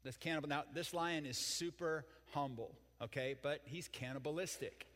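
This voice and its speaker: A man's voice: on the high side, moderate pace, fairly bright tone, big-room sound. An older man preaching a sermon as pastor, folksy and joking with the congregation. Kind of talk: sermon with jokes.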